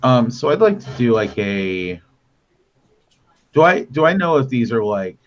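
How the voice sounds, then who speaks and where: A man's voice: medium pitch, sing-song, a little slow. A man playing in a tabletop game, talking hesitantly with many fillers. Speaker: player. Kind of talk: casual tabletop play. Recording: dull lo-fi mic with faint noise.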